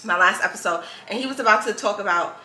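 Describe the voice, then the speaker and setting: A woman's voice: medium pitch, fast talker, pushed and bright, roomy sound, a little hiss or hum. A woman hosting a podcast, chatting casually and telling a story with lots of filler words. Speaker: podcast host. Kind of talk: casual chat.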